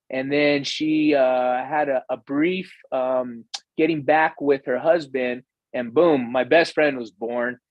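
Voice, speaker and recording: A man's voice: fairly high pitch, dry recording, highs cut off. A man, a guest on a podcast, telling earnest personal stories in a reflective conversational way, with some fillers. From United States. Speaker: podcast guest, real estate investor. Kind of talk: storytelling in conversation.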